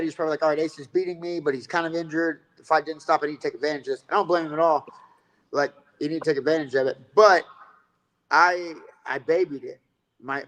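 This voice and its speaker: A man's voice: a little high, fairly bright tone, poor audio. A man telling a rambling, profane story about fighting and coaching in a casual interview.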